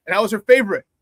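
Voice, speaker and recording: Upbeat guy hosting a chill sports talk show, kinda high voice, keeps repeating himself for emphasis. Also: bright, forceful tone, no echo. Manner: chatty and upbeat, laughs often, repeats phrases for emphasis. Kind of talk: casual live sports talk, reading viewer chat.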